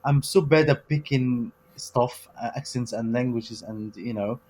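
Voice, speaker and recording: A man's voice: mid-range voice, a little slow, a little mellow, a little hiss or hum. A man with a slight Northern English accent, a podcast guest talking hesitantly with many fillers. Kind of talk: casual podcast chat.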